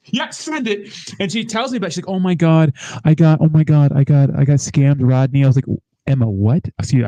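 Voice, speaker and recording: Co-host: an excitable, foul-mouthed man with a lively, slightly high voice. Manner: excitable, swears freely, loud outbursts. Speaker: podcast co-host. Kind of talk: casual chat.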